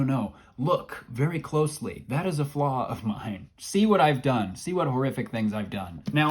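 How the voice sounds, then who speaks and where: A man casually reviewing the books he read, joking and gushing with over-the-top enthusiasm. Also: medium pitch. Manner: enthusiastic, jokey, hyperbolic. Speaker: book vlogger. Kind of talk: casual book review vlog.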